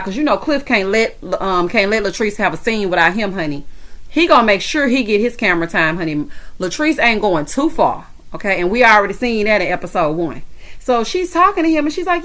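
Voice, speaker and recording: A woman with a Southern American accent giving sassy, animated commentary on a reality TV episode, talking straight to the viewer. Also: a little high. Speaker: reality TV recap vlogger. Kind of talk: casual commentary.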